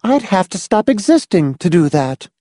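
A woman voicing a prim, controlling schoolteacher type, speaking in a dry, dispassionate, calmly insistent tone. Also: fairly low pitch, moderate pace, dry recording. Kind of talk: audiobook dialogue reading.

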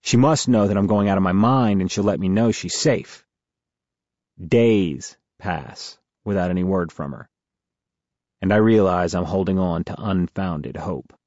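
A man narrating a first-person novel as an audiobook in a steady, measured way. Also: low-pitched, no room sound, muffled recording.

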